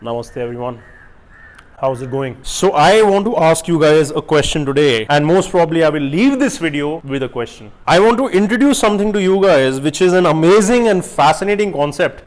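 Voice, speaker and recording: A young man giving a casual motivational talk to camera, asking rhetorical questions and swinging from loud bursts to quiet asides. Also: on the high side. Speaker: self-help YouTuber.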